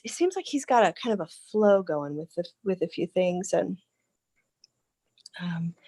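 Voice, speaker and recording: A woman in her thirties chatting casually, her voice sitting a little low. She talks in an animated way, laughs often and restarts her sentences. The sound is dry and close, with no room around her. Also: dry recording. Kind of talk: casual chat.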